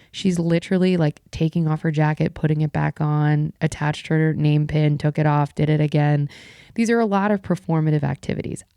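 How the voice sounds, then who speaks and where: A woman's voice: low voice, vocal fry, dark tone, dry recording, studio quality. A woman hosting a podcast solo, telling an exasperated, sardonic story as a rant. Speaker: podcast host.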